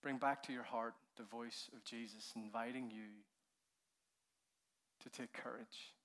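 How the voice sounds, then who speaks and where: A man preaching a keynote sermon, telling the story with animated energy, laughing often, sometimes dropping to a hush and then building up with fervor. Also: medium pitch, unhurried. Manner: laughs often while speaking. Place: conference hall.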